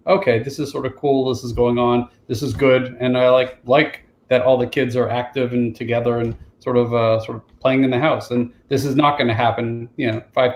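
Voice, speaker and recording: Man in an echoey room. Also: mid-range voice. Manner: easygoing, hesitant fillers. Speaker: panelist therapist. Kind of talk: casual panel discussion. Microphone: video call. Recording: roomy echo with faint noise.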